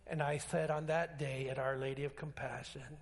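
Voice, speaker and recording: A man pastor preaching a sermon, telling stories with acted-out dialogue and emphatic swings in pitch. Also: level tone, normal speed. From Alaska.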